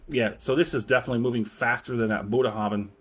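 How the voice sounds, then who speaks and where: A man's voice: mid-range voice, fairly quick, a bit bright, breathy edge. Guy rambling thru a whisky review, chatty, keeps fixing his words, little chuckles. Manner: rambling, chatty, self-correcting, chuckles often. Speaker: spirits reviewer. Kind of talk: casual product review.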